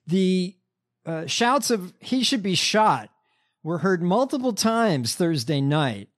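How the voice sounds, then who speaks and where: A man's voice: high voice, big pitch swings, slow pace. A man co-hosting a casual podcast, reading news items aloud with dry asides. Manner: wry, reads news aloud. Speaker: podcast co-host. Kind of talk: casual political chat.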